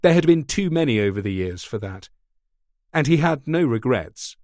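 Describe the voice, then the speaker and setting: A steady male audiobook narrator delivers scripted narration at normal speed in a mid-range voice. The recording has clean studio sound without any echo.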